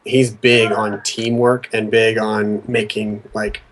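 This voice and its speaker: A man's voice: lowish voice, flat delivery, slow pace, a bit bright. A man guest in a casual gaming chat, earnest and restarting his phrases, heard over a voice call. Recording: noisy voice call.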